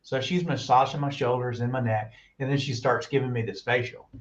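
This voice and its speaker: A man telling long, animated stories in casual chat and acting out the quoted voices, recorded with muffled audio. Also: mid-range voice, fairly quick. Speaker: guest on a talk stream. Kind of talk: casual storytelling.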